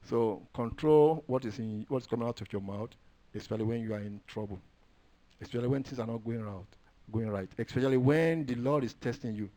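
Delivering his sermon a little fast, a man quotes and reads from scripture. Hushed, low asides give way to loud, raised declarations, and he draws words out for emphasis.

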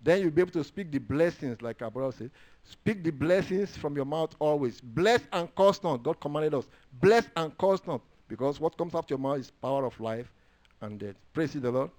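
A fairly quick-talking preacher reads and quotes scripture in his sermon. He shifts between quiet low remarks and loud declarations, lengthening words to stress them.

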